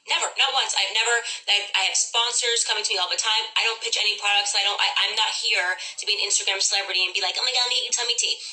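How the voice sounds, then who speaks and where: A woman's voice: mid-range voice, pushed and bright, rough recording. A woman talking on an Instagram live as a spokesperson, pushing a product in an emphatic, insistent way.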